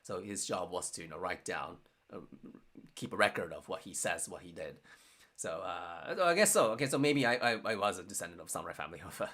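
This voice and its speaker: A man hosts a casual live stream, answering questions from viewers. His voice sits a little low yet comes across bright and forceful. He talks in a halting way, trailing off and restarting as he searches for the right words. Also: animated. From Japan. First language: Japanese. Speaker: online course host.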